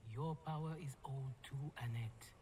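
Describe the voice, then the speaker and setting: An actress playing a solemn ancient female ancestor spirit, speaking in a slow, grave, instructive way. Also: a bass voice, mellow, slight background noise. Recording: distant, with music underneath.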